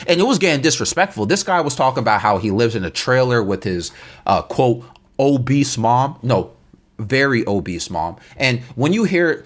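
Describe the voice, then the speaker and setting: A young man tells a storytime tale in a casual, slangy way, circling back and repeating himself as he goes. His voice is lively and rises and falls a lot as he talks. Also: medium pitch, a little fast.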